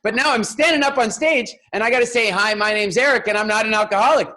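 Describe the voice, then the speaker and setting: A man tells a story from the stage, his voice sitting on the high side for a man. He is animated and acts out the people in his story with quick changes of voice, often laughing along. He sounds like a coach teaching public speaking. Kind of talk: storytelling keynote talk.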